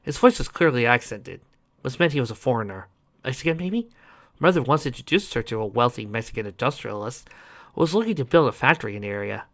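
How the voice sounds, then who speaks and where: A man's voice: medium pitch, lively intonation, fast, a bit bright. A man narrating a story dramatically and expressively, adding asides to listeners. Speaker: audiobook reader.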